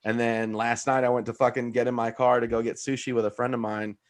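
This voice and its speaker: A man's voice: medium pitch, little pitch movement, fast talker. A man co-hosting a podcast, telling rambling stories in a laid-back way and swearing constantly. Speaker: podcast co-host. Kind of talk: casual profane banter.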